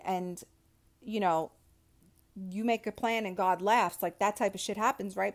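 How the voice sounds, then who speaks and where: A woman in her thirties talking straight into her podcast mic with a fiery, motivational push. She swears at nearly every turn and gets so worked up that she shifts around in her chair. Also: mid-range voice. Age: 30s. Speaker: podcast host. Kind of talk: motivational monologue.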